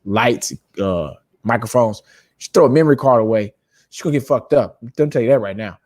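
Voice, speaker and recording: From a home studio with lights and microphones, a podcast host tells a rambling, profane family story, laughing and acting out quotes in a loose, casual way. His mid-range voice is animated, fairly quick and darkish, and the recording is dry.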